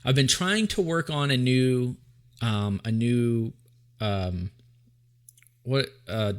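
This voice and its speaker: A man's voice: mid-range voice, expressive, takes it slowly, long pauses, clean tone. A man from Tennessee hosting a casual podcast, playful and talkative, often restarting his sentences. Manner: playful, trails off and restarts, breaks into sung jingles. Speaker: podcast host. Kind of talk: casual chat.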